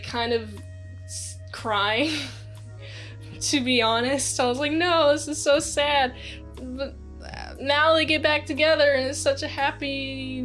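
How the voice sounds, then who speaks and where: A woman giving a casual spoken movie review, rambling with lots of fillers and acting out lively quotes. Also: high voice.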